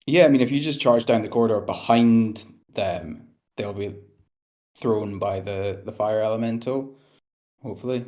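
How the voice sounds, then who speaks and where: A man playing a tabletop game, chatting casually and planning his moves out loud. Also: fairly low pitch, normal speed. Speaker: player.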